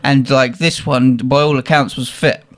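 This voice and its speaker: A man telling an animated story on a podcast, laughing often and swearing freely as he talks. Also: mid-range voice, normal speed. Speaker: podcast host. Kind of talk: casual storytelling chat.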